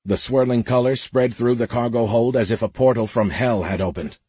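A man narrating a science fiction audiobook in a steady, measured way. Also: medium pitch, husky, no echo. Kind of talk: scripted narration.

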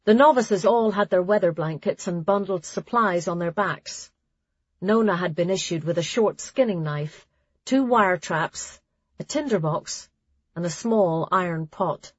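A woman narrating an audiobook in a steady storytelling reading. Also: on the low side, a little slow, breathy edge, no room sound. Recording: dry, slightly dull lo-fi sound.

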